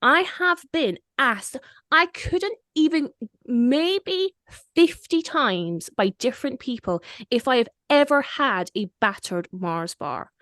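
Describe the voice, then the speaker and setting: A woman's voice: high voice, expressive, slow pace, a bit bright, no room sound, clean studio sound. A woman with a Scottish accent hosting a casual film podcast, talking in a chatty way, laughing easily and often restarting her sentences. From Scotland. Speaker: podcast host.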